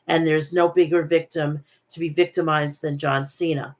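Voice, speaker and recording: A woman with a slightly low voice recaps wrestling matches in quick play-by-play. She moves briskly from move to move and often stops to correct herself mid-word. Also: flat delivery. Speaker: wrestling show host.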